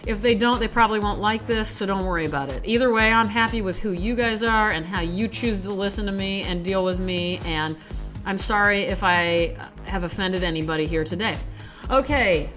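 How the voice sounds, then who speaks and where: A woman's voice: mid-range voice, moderate pace, soft background music. A woman hosting a podcast, reading essays aloud and chatting casually, swearing freely, worn out yet fired up. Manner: profane, excitable, self-mocking. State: exhausted, recovering from surgery.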